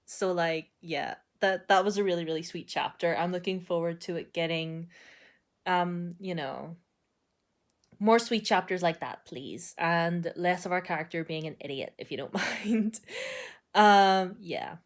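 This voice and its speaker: A young woman chatting casually in a reading vlog, excitable and full of fillers and laughs. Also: on the low side, measured pace. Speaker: book vlogger.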